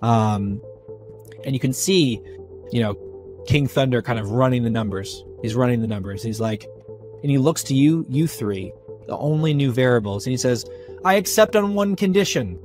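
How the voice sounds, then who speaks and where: A man's voice: medium pitch, moderate pace, faint music behind. Casual man narrating a tabletop game. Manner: casual, animated storytelling with fillers. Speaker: game master.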